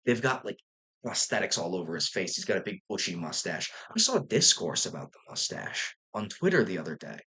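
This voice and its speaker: A man's voice: sits low, big pitch swings, a little fast, bright, forceful tone, breathy edge. A young man talking casually and enthusiastically about a film, rambling with fillers and restarts and casual swearing. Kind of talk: casual movie review vlog.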